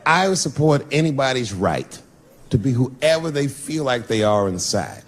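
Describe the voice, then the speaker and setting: A man doing stand-up comedy, telling stories in an animated, profane way. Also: mid-range voice, moderate pace, slight background noise.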